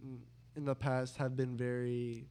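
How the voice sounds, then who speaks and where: Two brothers trade jokes on a home podcast. This young man speaks in a middle-pitched voice, circling his points with lots of false starts and restarts. He teases his sibling with dry sarcasm. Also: flat delivery, a little slow, mellow, clean tone. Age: young adult. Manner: rambling, many restarts, dry sarcastic teasing. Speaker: podcast host. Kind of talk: casual sibling chat.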